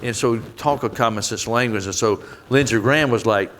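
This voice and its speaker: A man with a Southern US accent, answering questions earnestly in a public onstage conversation, with folksy, quick quoted asides. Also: mid-range voice, fairly bright tone, slight background noise. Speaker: guest, head of an aid agency.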